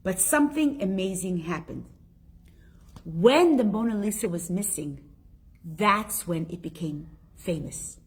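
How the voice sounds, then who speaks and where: A middle-aged woman teaching a live online class, chatty and animated, reading out viewer comments as she goes. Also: lowish voice, a little slow, breathy edge.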